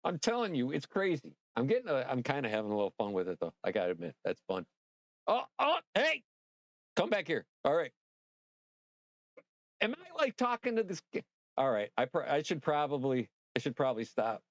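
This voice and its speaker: A man hosting a casual livestream, rambling and excitable, swearing freely and talking straight to his viewers. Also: medium pitch, quick pace, no echo, muffled recording. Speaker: livestream host.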